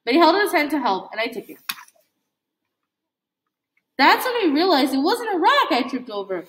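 A woman reading a novel aloud in a halting way, with slips and restarts. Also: sits high, very animated, a bit bright. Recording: echoey room.

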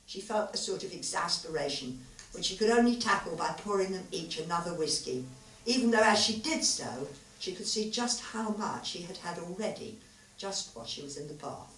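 A woman reads her own story aloud in a measured, expressive way at a festival event. Her voice is fairly low and moves a lot in pitch. The mic is far off in a reverberant hall. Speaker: author reading her story. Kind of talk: live story reading. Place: literature festival venue.

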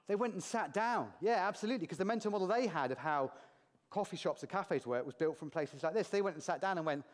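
A British man giving a lively, jokey conference talk to a large audience in a hall, asking the crowd questions as he goes. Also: high-pitched, fast. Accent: British English. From Britain. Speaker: conference speaker.

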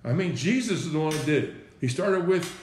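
A man gives a loose, conversational sermon, circling back over his phrases and throwing out rhetorical questions to his listeners. His voice sits a little high for a man. The room around him rings with echo. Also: expressive, fairly quick, slight background noise. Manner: repeats himself, asks rhetorical questions, says "right?" and "listen". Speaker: preacher. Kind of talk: informal sermon. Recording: echoey room.

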